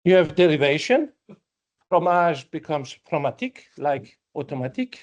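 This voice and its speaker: A man giving an academic conference talk, speaking as a with frequent fillers and pauses. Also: fairly high pitch, very animated, muffled recording. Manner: slow, halting, with many fillers. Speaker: conference presenter.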